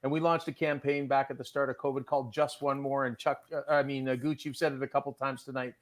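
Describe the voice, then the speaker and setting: A man's voice: mid-range voice, little pitch movement, fast talker. A man in a casual panel chat, talking in an upbeat, motivational way and urging listeners to reach out to others.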